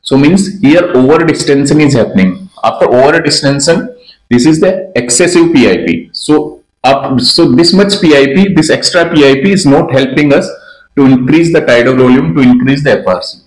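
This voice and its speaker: Doctor lecturing, roomy echo. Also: male voice, mid-range voice, moderate pace. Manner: explains step by step, repeats key terms, restarts phrases. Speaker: neonatologist teaching ventilator graphics. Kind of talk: slide lecture.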